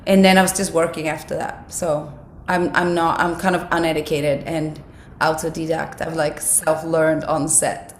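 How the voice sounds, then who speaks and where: A woman with a raspy, husky, slightly broken voice, speaking English as a second language in a casual interview, reflective and full of "like" fillers. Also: low-pitched, little pitch movement, moderate pace, a little hiss or hum. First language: not English. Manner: reflective, many "like" fillers, restarts. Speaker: actress, interview guest. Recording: roomy sound with faint background ambience.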